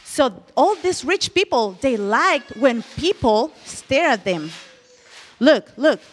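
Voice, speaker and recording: A woman's voice: high voice, sing-song, takes it slowly, big-room sound. A woman teaching a children's Bible lesson in a church, telling the story with animation and asking the children questions.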